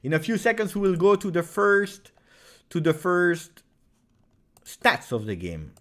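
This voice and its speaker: A man with an Italian accent hosting a live football reaction stream, excitable, chatting with viewers and bursting into loud cheers. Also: sits high, a little slow. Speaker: live match reaction host.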